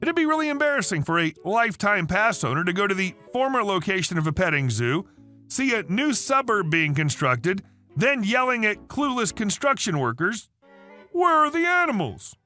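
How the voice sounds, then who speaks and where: A man narrating a story aloud in a lively, chatty way. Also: sits high, moderate pace, soft background music.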